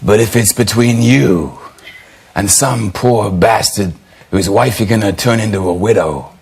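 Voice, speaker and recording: A man doing an impression of an intense, hard-nosed cop, slow and gravelly, swelling to bursts. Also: lowish voice, a little mellow, heavily acted. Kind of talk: stand-up impression.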